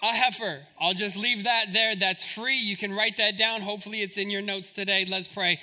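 A man's voice: sits high, fairly even intonation, moderate pace, pushed and bright. A male pastor preaching a sermon, with humorous, conversational asides to the congregation.

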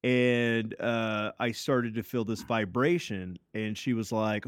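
A man's voice: lowish voice, fairly even intonation, slow pace, clear, resonant tone, no echo, studio quality. A man casually telling a long story on a podcast, swearing freely and filling gaps with "uh" and "like". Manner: loose and profane, full of fillers and restarts. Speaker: podcast co-host.

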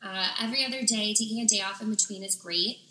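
Very bright-voiced woman explaining workouts. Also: medium pitch, fast talker. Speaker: fitness studio instructor. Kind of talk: casual interview answers. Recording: echoey room.

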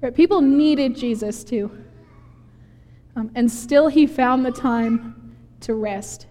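High-voiced woman preaching in a reverberant hall. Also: slow pace. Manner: animated storytelling, acting out quoted voices with laughs. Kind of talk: sermon.

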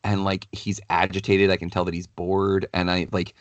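A middle-aged man, a podcast co-host, telling a story in a casual, animated way full of fillers, fighting a cold. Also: sits low, moderate pace, no echo, lo-fi sound. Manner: animated, rambling, many "like" fillers. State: has a cold, clears throat.

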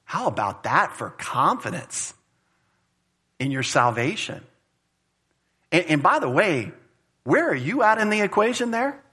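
A man's voice: high-pitched, a little slow, pauses often, breathy edge. A man preaching an expository sermon in an emphatic, conversational way. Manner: animated, emphatic, conversational preaching with Greek word study. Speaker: pastor.

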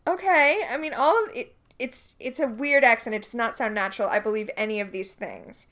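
A woman co-hosting a podcast, recapping a TV episode in a quick, chatty way with playful asides. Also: fairly high pitch, a bit bright. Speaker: podcast co-host. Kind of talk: casual chat recapping a TV episode.

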